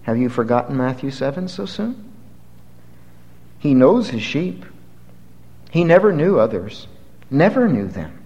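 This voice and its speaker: A man preaching a sermon, emphatic, slowing down on key words and building to forceful high peaks. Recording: dull lo-fi sound with long hall reverb.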